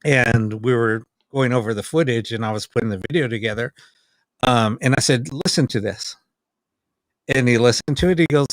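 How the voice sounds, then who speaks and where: A man's voice: mid-range voice, normal speed, no echo, poor audio. A man co-hosting a podcast, telling a story in casual chat and acting out the quoted lines of other people. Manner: animated, acts out quoted dialogue. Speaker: podcast co-host, paranormal investigator.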